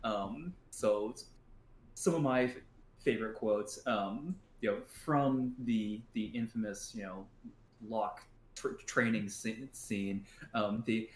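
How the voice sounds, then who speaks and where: A man's voice: on the low side, echoey room, a little hiss or hum. A man co-hosting a podcast in casual chat, stumbling and restarting often, swearing freely and laughing. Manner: halting, many restarts and stumbles. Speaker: podcast co-host.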